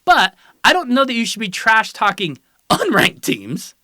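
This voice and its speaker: Lively, bright-voiced sarcastic sports host. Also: mid-range voice, a little slow, no room sound, clean studio sound. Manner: sarcastic, teasing, lecturing tone. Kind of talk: opinionated college football commentary.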